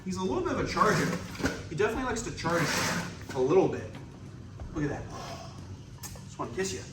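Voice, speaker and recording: A man's voice: high-pitched, sing-song, fast, very noisy. A man hosting a reptile vlog at a snake facility, enthusiastic and a little out of breath. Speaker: reptile keeper and vlog host. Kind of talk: casual vlog talk to camera. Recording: roomy, from a distance, faint ambience.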